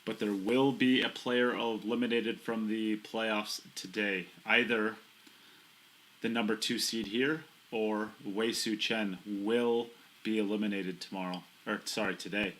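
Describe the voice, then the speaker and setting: Male pool commentator, fairly low, sharp bright tone, chatty and self-deprecating. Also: fairly even intonation, measured pace, rough recording. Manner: chatty, self-mocking, explains shots in detail. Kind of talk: live sports commentary. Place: commentary booth.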